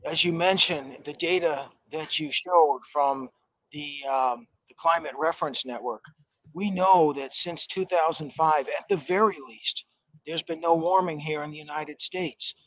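A man's voice: fairly high pitch, a little slow, a bit bright, dry recording, low-quality recording. A man speaking as a panelist, building an argumentative case step by step. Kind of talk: panel discussion commentary.

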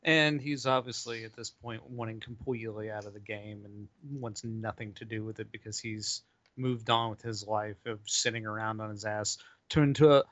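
A man's voice: lowish voice, steady tone, moderate pace, fairly bright tone, dry recording. A man co-hosting a movie podcast, chatting loosely with profane, laughing asides. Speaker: podcast co-host. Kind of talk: casual movie podcast chat.

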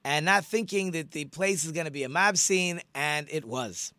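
A man's voice: fairly high pitch, normal speed, bright, forceful tone, no room sound. A middle-aged man, a rabbi hosting a radio talk show, speaking in a chatty, conversational way with many fillers and restarts as he tells a story.

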